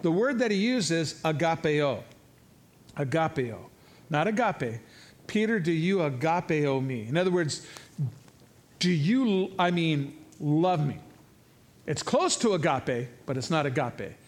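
A man in his fifties delivering a sermon in a loose, conversational way. He tells stories with lively energy and often restarts his sentences. His voice sits slightly high for a man. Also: a little slow. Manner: conversational, animated storytelling with many restarts. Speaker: pastor.

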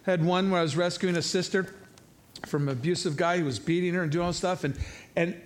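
A man's voice: high-pitched, animated, fairly quick. A man in his fifties preaching a sermon in a conversational, storytelling way, with many restarts. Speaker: pastor.

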